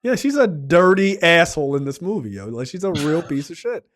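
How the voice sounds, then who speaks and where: A man's voice: a little high, big pitch swings, brisk. A man co-hosting a film podcast, retelling movie scenes in a loose, profane casual chat full of fillers. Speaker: podcast co-host reviewing a film.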